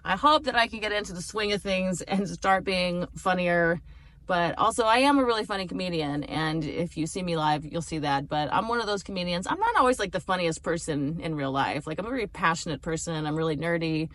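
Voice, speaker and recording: A woman's voice: on the low side, animated, brisk, a bit bright. A woman comedian talking casually to camera in a rambling, chatty way, laughing and swearing freely. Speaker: stand-up comedian.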